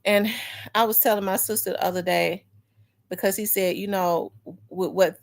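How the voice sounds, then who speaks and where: A woman's voice: medium pitch, moderate pace, vocal fry. A woman talk show host casually telling a personal family story, acting out her relatives' voices with frank, emotional delivery. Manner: animated, acts out family members' voices.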